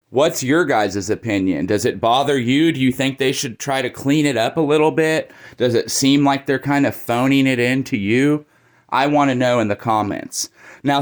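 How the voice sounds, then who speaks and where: Chatty, opinionated man with mid pitch. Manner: opinionated, chatty, many "like" fillers. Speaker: anime video commentator. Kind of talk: casual opinion commentary.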